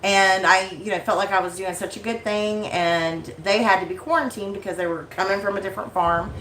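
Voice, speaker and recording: A woman with a bright, sharp voice chats to her livestream viewers in a loose, animated way. She laughs often and keeps dropping "like" and "you know." Her voice bounces around an echoey room at home. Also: medium pitch, fairly quick, slight background noise. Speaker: livestream host of a yarn channel. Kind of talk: casual storytelling to viewers.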